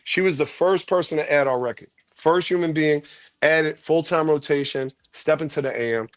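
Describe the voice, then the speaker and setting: Animated storytelling man, slightly high voice. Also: normal speed, dry recording. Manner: profane, dramatic, acts out quotes. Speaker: guest storyteller.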